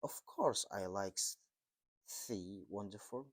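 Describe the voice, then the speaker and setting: Soft-spoken country lad, voiced plainly by a man, slow and dry. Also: lowish voice, no room sound. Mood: gentle. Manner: gentle, warm. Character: friendly country boy, gentle and kind.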